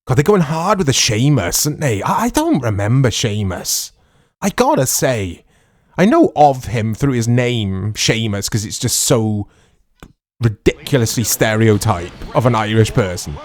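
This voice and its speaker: Animated man rambling over gameplay. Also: medium pitch, measured pace, no echo. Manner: chatty, rambling, excitable, laughs often. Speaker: retro gaming YouTuber. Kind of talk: casual gameplay commentary.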